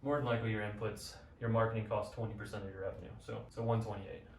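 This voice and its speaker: A man's voice: on the low side, little pitch movement, fast talker. A young man casually explaining a business funnel at a whiteboard, upbeat and slangy. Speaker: business coach. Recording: roomy, from a distance, faint noise.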